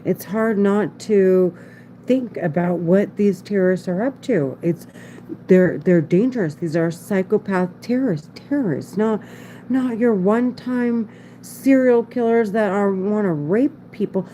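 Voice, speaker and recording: A woman speaks in a loose, rambling monologue with a mellow, warm voice. She talks with anxious insistence, circling back to the same points and often breaking off to restart, and a faint hiss sits behind her. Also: mid-range voice, unhurried, low-quality recording. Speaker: vlogger. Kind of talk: casual monologue to camera.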